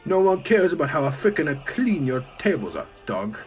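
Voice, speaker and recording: A man's voice: fairly low pitch, lively intonation, moderate pace, soft background music, natural voice. A man voicing a hot-headed Korean restaurant owner who talks with a heavy put-on accent. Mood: angry shouting.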